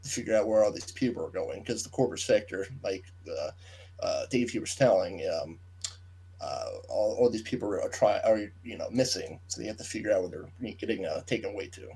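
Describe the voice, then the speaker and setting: Man, podcast co-host, husky voice, casual chat, rambling explanations. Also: lowish voice, expressive, brisk, warm tone. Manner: explains plot details at length, trailing off into asides. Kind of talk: casual book discussion chat.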